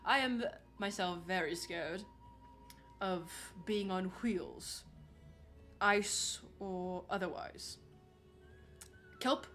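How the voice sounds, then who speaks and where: A woman's voice: medium pitch, drawn-out words, long pauses, a bit bright, soft background music. A young woman streaming, chatting casually and reading chat aloud, saying "like" a lot and laughing often.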